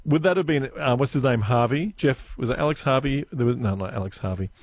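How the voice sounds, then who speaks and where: An Australian man hosting talk radio, chatting easily and reminiscing with a ready laugh. His voice sits at a middling pitch and sounds close and dry on a studio mic. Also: brisk, no echo. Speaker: radio host. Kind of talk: casual radio chat.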